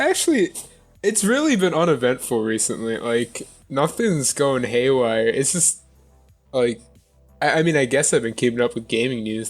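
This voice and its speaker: A man co-hosting a gaming podcast, talking casually and stumbling over repeated words. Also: mid-range voice. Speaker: podcast co-host. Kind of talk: casual chat.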